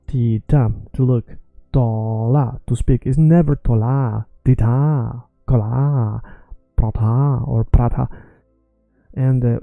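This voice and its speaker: A man teaching a language pronunciation lesson, repeating words slowly and clearly to model how they sound. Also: mid-range voice, no room sound, narrow, tinny audio.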